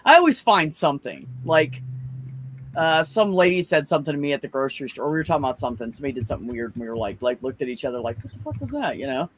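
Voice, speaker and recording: A man's voice: medium pitch, very fast. A man hosting a casual podcast chat, telling stories animatedly and acting out the people he quotes, with casual swearing. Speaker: podcast host.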